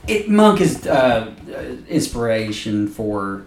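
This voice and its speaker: A man talking in a relaxed, casual podcast chat, excited and full of profanity as he raves. His voice sits at an ordinary middle pitch. The room around him rings with noticeable echo. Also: slow pace, distant mic. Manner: enthusiastic, swears a lot. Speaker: podcast co-host.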